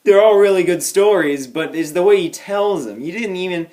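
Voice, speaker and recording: A young man talks straight to the camera from home, spinning a tiny everyday mishap into a mock-tragic tale. His voice sits a little high for a man, and he plays the story with deadpan exaggeration. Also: moderate pace. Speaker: vlogger.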